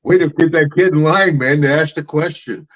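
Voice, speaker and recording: A man's voice: on the high side, moderate pace, fairly bright tone. Boisterous storytelling man, dull lo-fi sound. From Louisiana, USA. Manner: boisterous, laughs often, acts out voices in stories. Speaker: podcast co-host, retired wrestler. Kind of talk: casual storytelling chat.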